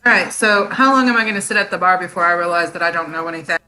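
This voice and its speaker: Bright, low-voiced woman at the game table. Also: racing, poor audio. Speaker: player. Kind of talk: casual tabletop game play.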